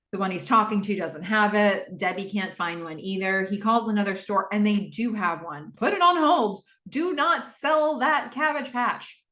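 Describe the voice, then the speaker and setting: A woman's voice: lowish voice, a bit bright. Chatty woman recapping in an echoey room. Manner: chatty, rambling, with frequent fillers and quick acted-out quotes. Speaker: podcast host. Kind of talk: casual episode recap.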